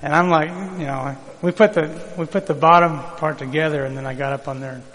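A man's voice: fairly high pitch, steady tone, fairly quick, a bit bright, long reverb tail, slight background noise, low-quality recording. A man preaching a sermon in a folksy, conversational way, calling on the congregation to repeat words back. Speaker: pastor.

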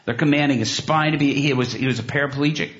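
A man preaching and telling a story, animated, with many restarts and asides, jumping into loud, high bursts when he acts out what people said. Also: quick pace. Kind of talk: sermon storytelling. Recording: dull lo-fi sound.

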